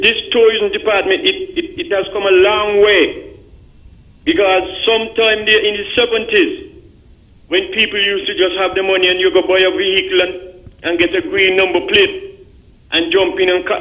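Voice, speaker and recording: An older man with a Kittitian accent calls into a radio show, rambling and repeating words as he comments. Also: high voice. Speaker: radio caller. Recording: muffled phone-line audio.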